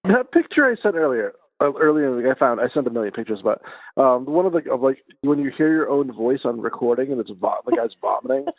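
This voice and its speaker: A man's voice: mid-range voice, very animated, fast, no room sound. A man co-hosting a casual podcast, mumbling a bit with a slightly nasal voice and swearing freely as he laughs at himself. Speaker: podcast co-host. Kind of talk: casual chat. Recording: tinny phone-like call audio.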